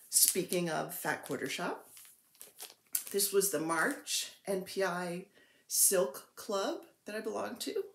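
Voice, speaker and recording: A woman chatting casually as a cross-stitch vlogger, excitable and playful as she gushes over her purchases. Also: mid-range voice. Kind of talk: casual show-and-tell chat. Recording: roomy echo.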